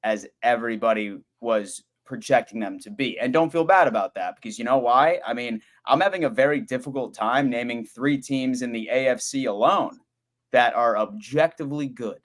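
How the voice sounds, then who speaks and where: A man giving an opinionated, deliberate take in a casual sports debate, with many fillers. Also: medium pitch. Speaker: roundtable panelist.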